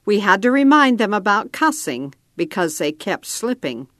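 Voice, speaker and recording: Reading scripted narration, a woman tells a story calmly and at a measured pace in a mid-range voice. The recording is studio quality with no room sound.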